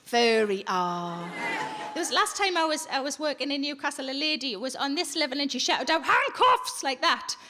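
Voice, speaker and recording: A woman's voice: high voice, fast, few pauses. A woman comedian doing bawdy, chatty stand-up crowd work in a theatre, laughing at her own jokes. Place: large theatre on stage. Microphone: handheld stage mic. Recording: live theatre with loud noise.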